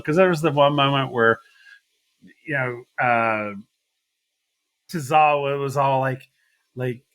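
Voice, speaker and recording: A man's voice: medium pitch, fairly bright tone, no echo. A man with an American accent co-hosting a podcast, rambling and laughing as he recalls a match. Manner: rambling, giggly, self-interrupting storytelling. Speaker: podcast co-host. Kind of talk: casual wrestling recap.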